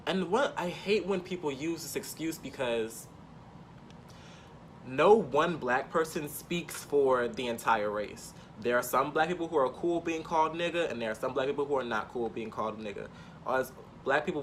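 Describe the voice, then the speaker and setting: A man's voice: medium pitch, moderate pace, a little hiss or hum. A man telling a personal story in an emphatic, impassioned way, repeating points for stress.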